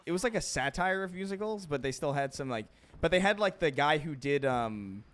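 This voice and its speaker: A man's voice: on the high side, expressive, fairly quick, fairly bright tone, slight background noise. A man hosting a casual gaming stream, rambling, swearing a lot and laughing often. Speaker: streamer host.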